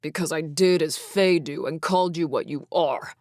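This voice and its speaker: A woman's voice: sits low, expressive, moderate pace, no echo. A woman voicing a proud male Fae king who spits out furious, formal accusations in an audiobook fantasy reading. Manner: spitting, fierce.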